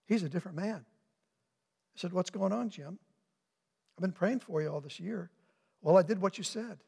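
Older guy pastor preaching in a church, gravelly voice, big echoey hall. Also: high voice, warm tone. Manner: earnest, asks rhetorical questions, slows for emphasis. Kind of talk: sermon. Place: church sanctuary with long reverb.

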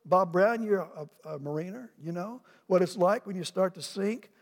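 A middle-aged man, pitched fairly high, delivers a sermon from the pulpit. He talks in an animated way and slips into the voices of the people in his story. The sound carries a long reverb from the church sanctuary. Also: moderate pace. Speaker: pastor.

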